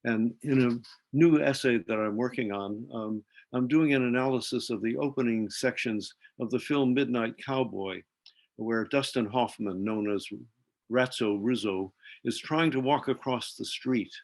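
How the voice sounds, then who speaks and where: A man speaking as a film scholar on a webinar panel, measured and explanatory, talking over a video call. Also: medium pitch. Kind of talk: academic panel discussion.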